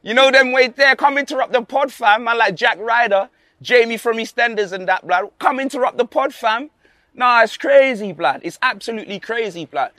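A man's voice: very high-pitched, moderate pace, sharp tone, no room sound, clean studio sound. A man co-hosting a podcast, bantering casually about football in a boastful, slang-heavy and mocking way. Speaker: podcast co-host.

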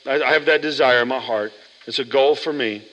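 A man pastor preaching a sermon in a church, animated and chatty, often asking the congregation questions. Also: mid-range voice, brisk, big-room sound, muffled recording. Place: church sanctuary.

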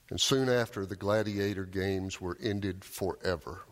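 A man preaching a sermon, telling a story with raised cries and quiet, low emphasis. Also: a little slow. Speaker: pastor. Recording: long hall reverb.

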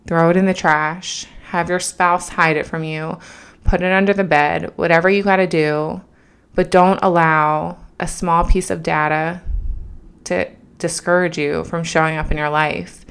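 Woman, podcast host, earnest, emphatic, emotional, smooth voice. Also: fairly low pitch, fairly even intonation, measured pace, fairly bright tone. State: emotional, has been crying. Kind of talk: motivational pep talk.

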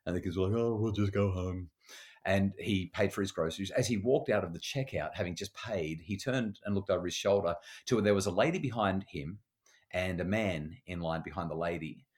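A middle-aged Australian man with a somewhat low voice tells stories about parenting in easy conversation. He slips into the voices of the people he quotes and often repeats a word or two before a sentence gets going. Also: fairly quick. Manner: animated, acts out quoted voices, repeats words when starting sentences. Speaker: parenting educator. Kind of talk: conversational storytelling.

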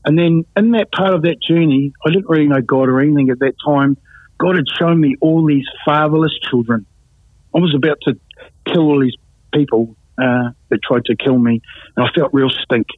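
At a moderate pace and fairly high pitch, a man bluntly and matter-of-factly recounts his life while being interviewed, offering personal testimony. The sound is dry, with a tinny, phone-like quality.

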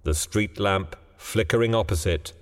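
A man narrating a ghost story in a hushed, suspenseful way. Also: on the low side, measured pace, big-room sound.

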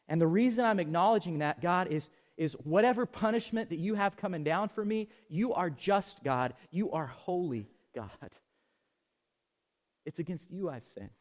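A man preaching a sermon, swinging from loud emphatic peaks to soft low asides and leading the congregation in call-and-response. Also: expressive, normal speed. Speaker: pastor. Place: outdoors.

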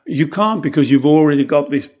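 A man's voice: fairly high pitch, expressive, fairly quick, a little mellow, muffled recording. A man who is a Taoist monk, co-hosting a podcast and explaining teachings in an earnest, reflective way, often acting out quoted dialogue.

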